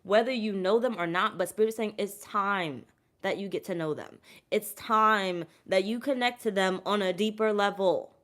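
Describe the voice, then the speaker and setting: A woman with a drawl doing a casual tarot reading for her viewers. Her voice sits at an ordinary middle pitch, and she speaks to them in a loose, chatty way. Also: moderate pace, a bit bright. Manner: chatty, emotional, addresses viewers as y'all. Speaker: tarot reader.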